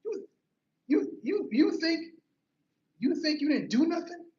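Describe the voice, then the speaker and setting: A man voicing his excitable older sister, who stammers and scolds him bluntly. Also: extremely high pitch, a little slow, voice pushed up, heavily acted. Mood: insistent. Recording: roomy, slightly muffled.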